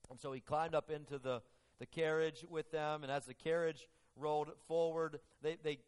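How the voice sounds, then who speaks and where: A man preaching a sermon and telling a story, earnest and halting, often restarting his phrases. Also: on the high side, fairly even intonation, clear, resonant tone.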